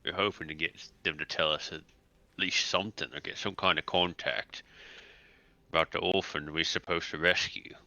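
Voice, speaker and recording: Deep, gravelly, wry male tabletop player. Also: fairly even intonation, moderate pace, bright, forceful tone, no echo, highs cut off. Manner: wry, teasing and matter-of-fact. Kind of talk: casual tabletop game chat.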